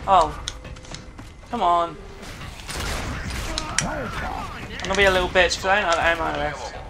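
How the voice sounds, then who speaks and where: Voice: mid-range voice, unhurried, background noise. A gamer giving live commentary on their own play, groaning often and swearing at opponents on screen. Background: game music.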